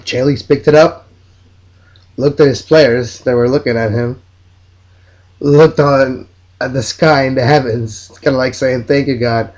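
A man's voice: medium pitch, steady tone, unhurried, pauses often, a little mellow. A man from Mexico, hosting a solo soccer podcast in an enthusiastic, opinionated, rambling way.

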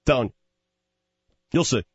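A man's voice: normal speed, no room sound, muffled recording. A man co-hosting a sports radio show in casual banter, insistent and boastful, repeating his points.

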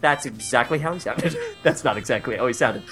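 A man's voice: mid-range voice, fairly quick, music in the background. A man co-hosting a comedic podcast, ranting with lots of swearing and frequent laughter. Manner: profane, animated, laughing often. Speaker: podcast co-host. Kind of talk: casual comedic podcast rant.

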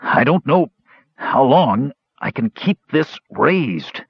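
A man voicing a strong, cautious male warrior, low and urgent, in a dull lo-fi audiobook recording. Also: sing-song, normal speed, husky, no echo, heavily acted. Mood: tense.

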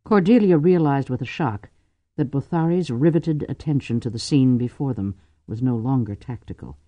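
Male narrator, measured dramatic read, warm and dry. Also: mid-range voice, no room sound. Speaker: audiobook narrator. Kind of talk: scripted narration.

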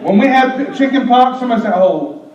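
A male pastor delivers a lively, joking sermon, gasping for effect and slipping into acted voices. His voice sits high, heard from a distant mic in an echoey church with a dull, muffled tone. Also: moderate pace, a faint crowd. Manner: animated, gasping, comic preaching with acted-out voices.

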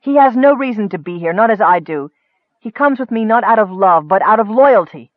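A man voicing a proud, defiant young woman who is a swordswoman, speaking forcefully. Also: sits high, fairly quick, no room sound, pitched above the performer's own voice, lightly acted. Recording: tinny phone-like dry sound.

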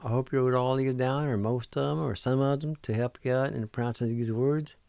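A middle-aged man hosting a radio language lesson, spelling words letter by letter and sounding out each syllable slowly and deliberately. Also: mid-range voice, steady tone, gravelly, warm tone, clear, resonant tone, no echo. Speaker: radio language teacher, show host.

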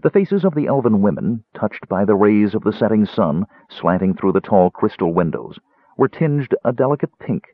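A man reading an audiobook in scripted, expressive narration, on a tinny narrow-band recording. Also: on the low side, moderate pace, husky, dry recording.

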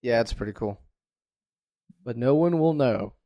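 A man hosting a casual podcast chat, jokey and quick to laugh. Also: medium pitch, expressive, no echo, dull audio. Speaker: podcast host.

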